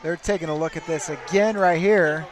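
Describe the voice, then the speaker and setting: A man calling live wrestling play-by-play in an arena, surging into excited shouting on big moves. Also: fairly high pitch, normal speed, a faint crowd. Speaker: play-by-play commentator. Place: tournament arena.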